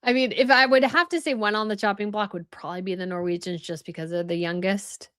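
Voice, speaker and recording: A woman's voice: medium pitch, steady tone, fast, fairly bright tone, clean tone, dry recording, studio quality. A young woman hosting a casual live stream, reading viewers' comments aloud and chatting about them with lots of "like" fillers. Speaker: host reading live chat.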